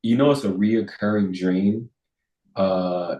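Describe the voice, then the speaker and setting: Young man, low voice, casual storyteller, high-pitched quotes, roomy echo. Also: steady tone, slow, mellow. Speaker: guest, NFL player. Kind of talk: casual interview chat.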